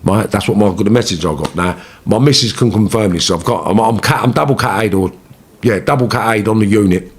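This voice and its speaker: Low-voiced London man, swears freely, slangy interview storyteller who gets animated. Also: a little fast, breathy edge. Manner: animated, rising when reliving arguments. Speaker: interviewee telling his life story. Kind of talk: casual storytelling.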